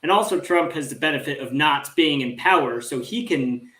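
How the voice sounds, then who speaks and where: A man's voice: on the high side, moderate pace, bright, forceful tone. Sardonic man in an echoey room. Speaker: guest. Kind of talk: casual political discussion.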